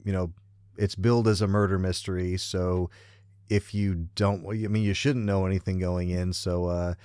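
A man with a low-pitched voice co-hosts a casual movie podcast. He wanders through his thoughts, padding every sentence with "you know" and "like," and his voice comes across dry and close to the mic. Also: flat delivery, moderate pace, darkish tone, smooth, no echo. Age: parent of children. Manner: rambling, heavy on "you know" and "like" fillers. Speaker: podcast co-host.

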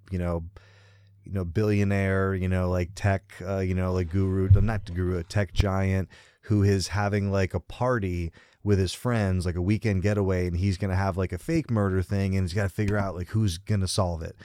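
A man's voice: low voice, little pitch movement, moderate pace, darkish tone, clean tone, dry recording, studio quality. A man, a parent, chatting casually about movies as a podcast co-host, rambling with lots of "you know" and "like" fillers. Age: parent of children.

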